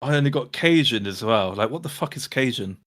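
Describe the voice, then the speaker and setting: Brief: man, bright voice, swings his pitch a lot, loose and profane. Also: fairly quick. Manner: animated, swearing, laughing easily. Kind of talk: casual chat.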